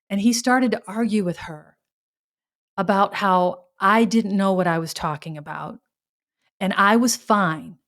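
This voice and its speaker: A woman hosting a podcast, telling a personal story in a reflective, halting way, with sighs and restarts. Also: mid-range voice, fairly bright tone. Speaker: podcast host.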